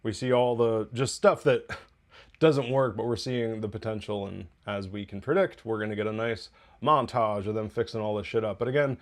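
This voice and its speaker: A man's voice: on the low side, fairly even intonation, normal speed. A man hosting a TV review podcast, recapping an episode in a loose, chatty way with profane asides and laughs.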